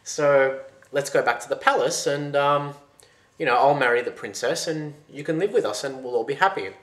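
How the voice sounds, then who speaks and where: A man voicing an eager, brave young male apprentice in a folktale, his voice pitched up and pressing. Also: moderate pace, a bit bright, lightly acted. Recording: roomy echo.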